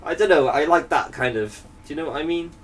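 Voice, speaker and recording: Lad chatting, slightly distant mic. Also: male voice, on the high side, fast, a bit bright, slight background noise. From Wales. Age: young adult. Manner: chatty, laughs often, reads a news story aloud. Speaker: podcast co-host. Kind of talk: casual banter.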